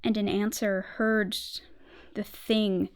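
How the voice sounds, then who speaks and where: A woman's voice: mid-range voice, flat delivery, takes it slowly. Woman streamer reading horror aloud. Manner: tense, theatrical narration with swells of volume. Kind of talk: dramatic reading of a horror story.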